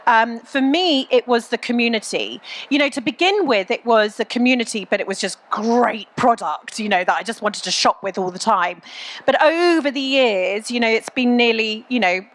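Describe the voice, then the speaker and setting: A woman's voice: a little high, expressive, normal speed, fairly bright tone. A middle-aged woman telling her story in a frank, chatty way at an onstage Q&A, with lots of ums and you-knows. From England. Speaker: guest entrepreneur.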